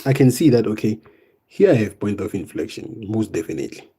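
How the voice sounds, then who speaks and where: A young man teaching math in a live online exam revision lesson, casual and step by step, often tagging on "right?" and "boom". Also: expressive, fairly quick, warm tone, husky. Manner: explains step by step, coaxing students.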